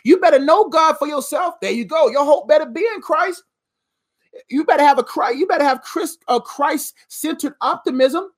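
A woman's voice: high-pitched, moderate pace. A woman giving faith-based motivational preaching straight to camera, emphatic and repetitive in a conversational way, laughing at her own jokes. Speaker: motivational speaker.

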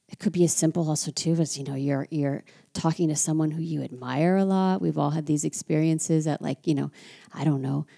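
A woman's voice: low-pitched, gravelly, warm tone. An American woman giving a chatty, reflective talk as a French culture teacher. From United States. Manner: chatty and reflective, with frequent asides. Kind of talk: casual teaching monologue.

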